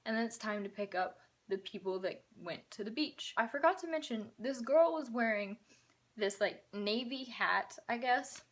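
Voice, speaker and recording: A young woman vlogger telling a storytime in a casual, animated, sarcastic way, a bit out of breath. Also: on the high side, moderate pace.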